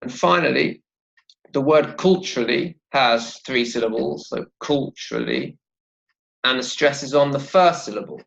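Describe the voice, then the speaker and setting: Slowly and clearly, a man runs English pronunciation drills, patiently saying vocabulary words again and again for learners to imitate. He speaks at a normal speed with a medium-pitched, gravelly, slightly bright voice, and the audio has its highs cut off.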